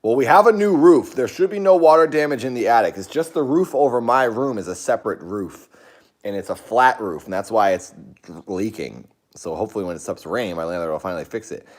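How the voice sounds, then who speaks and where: Low-voiced man chatting on a live stream. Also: expressive, a little fast. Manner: rambling, talks to chat, jumpy outbursts. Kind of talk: casual live-stream chat.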